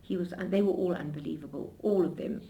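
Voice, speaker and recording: An older woman being interviewed, telling her memories in an animated storytelling way with frequent restarts. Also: lowish voice, fast talker, creaky.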